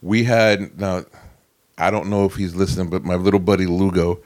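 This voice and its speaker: A man's voice: low-pitched, level tone, moderate pace, a little mellow. An older man from Northern California, a Marine veteran guest telling stories in a laid-back, swearing way. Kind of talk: casual storytelling.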